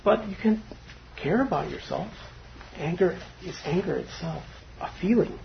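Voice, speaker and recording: A man giving a casual, informal dharma talk to a group, chatty and quick to laugh. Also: high-pitched, lively intonation, vocal fry, a little hiss or hum. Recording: dull lo-fi recording.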